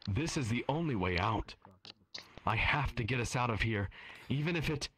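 A man's voice: medium pitch, animated, normal speed, background noise, pitched above the performer's own voice, natural voice. Guy doing a frantic mom pleading with her kid, raised voice, rpg scene. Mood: pleading, urgent. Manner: urgent, pleading. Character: desperate young mother, urgent and pleading.

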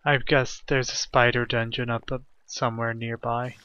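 A man talking quietly to himself as he plays a video game, in a self-deprecating manner. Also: medium pitch, little pitch movement, moderate pace, smooth. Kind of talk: let's play commentary. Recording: dull lo-fi recording.

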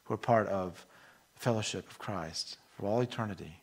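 A middle-aged man preaching a sermon in an earnest, emotional way, moving between soft and emphatic delivery. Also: lowish voice, fairly quick, gravelly, husky. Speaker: pastor.

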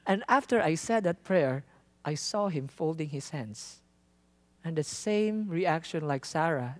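A man from the Philippines, a traveling missionary telling a lively testimony in a sermon, laughing often and acting out the people in his story. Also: on the high side, a little slow. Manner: animated, laughs often, acts out quoted lines.

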